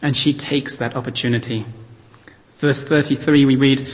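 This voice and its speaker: A man's voice: medium pitch, fairly even intonation. Earnest male preacher in a reverberant hall. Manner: earnest, reflective, slows down to stress points. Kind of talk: sermon with scripture reading.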